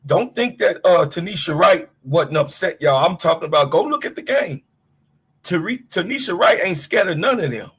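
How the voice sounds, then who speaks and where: A middle-aged man hosts a sports talk stream and rants hard. His voice is a little husky and sits on the high side for a man. He talks bluntly, swears freely and calls out to his chat. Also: animated, normal speed, fairly bright tone. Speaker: sports show host. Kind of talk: heated livestream rant.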